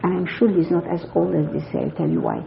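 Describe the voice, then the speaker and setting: A woman's voice: fairly low pitch, huge pitch swings, quick pace, gravelly, faint music behind. An older woman from Iran gives an oral history interview. She tells her memories in a conversational, digressive way and often corrects herself. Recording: dull lo-fi 1980s interview tape.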